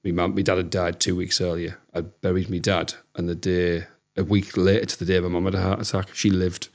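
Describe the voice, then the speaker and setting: A man in his thirties with a Teesside accent, telling lively stories as a podcast guest and acting out what people said. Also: low voice, brisk. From Teesside, England. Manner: chatty, animated storyteller who acts out quotes. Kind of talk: casual storytelling chat.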